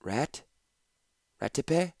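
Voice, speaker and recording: A man's voice: fairly high pitch, big pitch swings, moderate pace, no echo, studio quality, voice pushed up. A man voicing a tough female warrior who talks in clipped, urgent lines in an audiobook. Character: tough blunt female warrior, terse and practical. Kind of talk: audiobook character voice.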